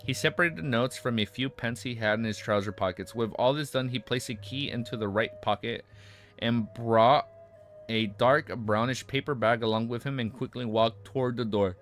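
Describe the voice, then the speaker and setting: A man with a raspy voice reads a web novel aloud, stumbling over words, rereading lines and breaking off into excited asides. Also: mid-range voice, normal speed. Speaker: streamer reading a web novel aloud and reacting. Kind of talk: casual reading with live reactions.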